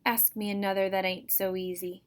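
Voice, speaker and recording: A woman reading a storybook aloud, voicing a mean, bossy old backwoods woman with a shrill, harsh voice and folksy rural grammar. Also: flat delivery, moderate pace, natural voice. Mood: taunting.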